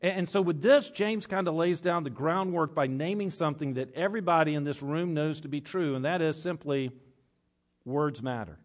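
Male pastor, sermon, casual conversational delivery, restarts phrases, slightly high voice. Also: normal speed. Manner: conversational, self-correcting, reads old scripture aloud. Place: church with congregation.

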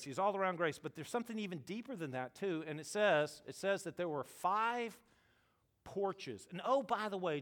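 Pastor preaching in a storytelling way. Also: male voice, a little high. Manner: conversational, storytelling, swings from loud to hushed. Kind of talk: sermon.

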